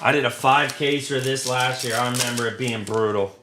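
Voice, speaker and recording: A man's voice: mid-range voice, fairly even intonation, moderate pace, sharp tone. A man hosting a live card break, reading out pulls with crude, joking banter. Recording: roomy with faint noise.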